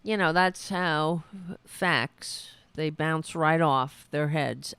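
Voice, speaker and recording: A woman's voice: low-pitched, drawn-out words, fairly bright tone, clean tone, no echo. A woman with a New York accent hosting a podcast, giving blunt, sarcastic commentary on clips. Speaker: podcast host.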